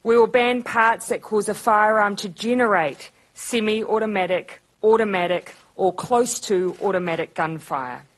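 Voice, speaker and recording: A woman, a head of government reading a formal prepared statement in a measured, deliberate way. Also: medium pitch, rough recording.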